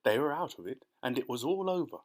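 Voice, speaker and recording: A man narrating a children's storybook audiobook in an expressive, dramatic way. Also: mid-range voice, fast talker.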